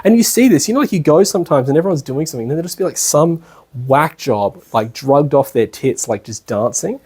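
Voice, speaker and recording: Chatty Australian man, husky voice. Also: on the high side, lively intonation, fairly quick, darkish tone. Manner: chatty and colloquial, often checks in with listeners, acts out people he describes. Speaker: spiritual lecturer. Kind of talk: casual spoken lecture. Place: lecture room at a retreat centre.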